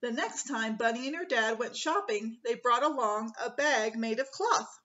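A woman, a preschool teacher, reading a picture book aloud to children in a slow, expressive way. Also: a little high, highs cut off, a little hiss or hum.

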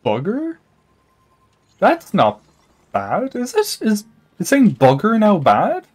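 A young man chatting casually with his chat while he plays a game, rambling, saying "like" a lot and laughing often. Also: slow pace. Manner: animated pitch jumps, laughs often. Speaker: streamer. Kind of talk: casual live-stream chat while gaming.

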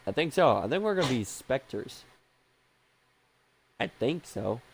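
A man giving casual gameplay commentary as the host of a gaming channel, rambling, excitable and self-mocking, swearing often. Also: medium pitch, unhurried, a little hiss or hum.

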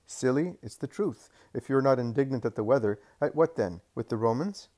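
A rough, hot-tempered fisherman who meets bluster with sarcastic, quick-witted retorts, as a male reader puts him on. He sounds plain-spoken and unimpressed, a storybook figure voiced in a middle-pitched male voice. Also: expressive, warm tone, lightly acted. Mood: mocking. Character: blunt, hot-tempered fisherman apostle, grown man.

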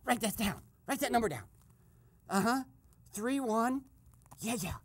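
Speaking a little slowly with an extremely high pitch, a male host acts out a comedic eavesdropping bit. He narrates in a gleeful whisper that suddenly bursts into excited exclamations.

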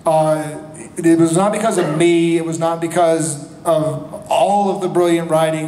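An energetic, animated man from North Carolina, fielding fan questions on a convention stage with a fairly high voice. He talks into a handheld mic, and the big hall rings around him with a faint hiss underneath. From North Carolina, USA. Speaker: convention panel guest. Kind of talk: lively convention Q&A. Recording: echoey hall with faint noise.

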